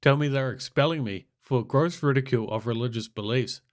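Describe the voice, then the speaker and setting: A man narrating a crude comic story in terse, deadpan, clipped fragments, reading from a script. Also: mid-range voice, fairly quick.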